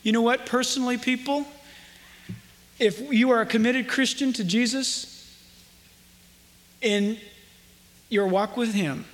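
A man preaching a sermon as pastor, with impassioned delivery and emphatic, drawn-out quotations. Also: very high voice, fairly even intonation, a bit bright, long reverb tail.

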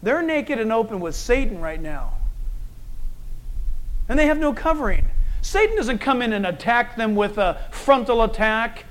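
A man preaching a sermon, animated and conversational, acting out quoted people and telling stories. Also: very high voice, normal speed. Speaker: pastor.

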